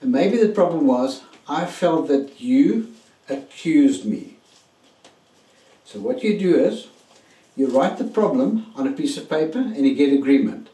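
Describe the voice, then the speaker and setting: A man's voice: mid-range voice, mellow, recorded from a distance. A man giving an emphatic motivational relationship lesson, speaking directly to his listeners. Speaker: relationship coach. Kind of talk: motivational teaching talk. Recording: roomy echo, mic set back.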